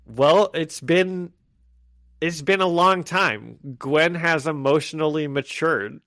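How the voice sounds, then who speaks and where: A man's voice: fairly high pitch, takes it slowly, dry recording, studio quality. A man co-hosting a podcast, recapping comic issues in casual chat and acting out the characters' lines. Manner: animated, acts out quoted lines in voices. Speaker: podcast co-host.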